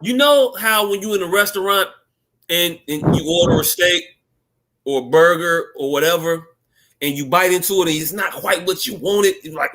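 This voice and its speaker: High bright-voiced male podcast co-host. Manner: animated, joking, drawn-out storytelling. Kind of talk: casual podcast banter.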